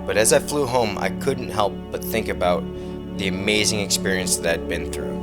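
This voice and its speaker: A man's voice: fairly low pitch, animated, normal speed. A young man giving a plain, reflective voice-over narration for his travel vlog. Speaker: travel vlogger. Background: background music.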